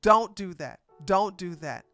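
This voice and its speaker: Blunt, bright-voiced woman streamer. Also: mid-range voice, lively intonation, unhurried, no echo, soft background music. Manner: blunt, emphatic, slangy preaching. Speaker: commentary streamer. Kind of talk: casual reaction commentary.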